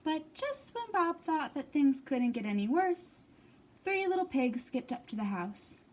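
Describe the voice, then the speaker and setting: Expressive woman reading aloud to kids. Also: high-pitched, unhurried. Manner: expressive, animated read-aloud. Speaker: children's librarian. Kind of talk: children's storytime reading.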